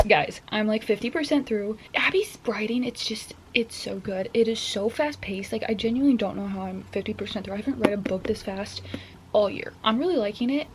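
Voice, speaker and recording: A woman's voice: mid-range voice, noisy background. A young woman chatting casually about books at home, gushing and saying "like" a lot. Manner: chatty, gushing, says "like" often. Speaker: book vlogger. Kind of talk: casual chat. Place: home, during a storm. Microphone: phone or camera mic, clip-on mics dead.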